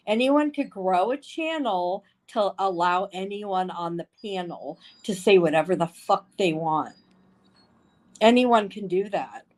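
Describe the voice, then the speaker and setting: A mid-range female voice, heard through poor audio, belongs to a livestreamer ranting angrily with lots of swearing and constant repetition. Faint wind chimes play in the background of her heated stream.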